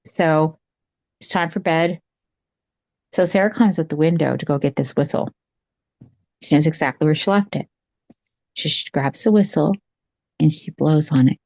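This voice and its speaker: A woman's voice: low-pitched, normal speed, pauses often, a little mellow, no room sound. A woman podcast host telling a spooky story in a chatty, casual way, with lots of repeated phrases.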